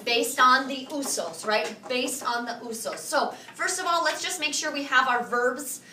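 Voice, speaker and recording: A woman teaching a Spanish review lesson to a high school class, firing questions and having students repeat after her. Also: animated, normal speed, pushed and bright, slight background noise. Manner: drills students with call-and-response questions. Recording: echoey classroom from far off.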